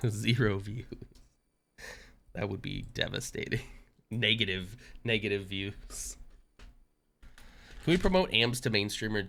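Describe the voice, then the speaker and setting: A man's voice: fairly low pitch, bright, forceful tone. A young adult man chatting casually on a live stream, joking and self-deprecating. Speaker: livestreamer.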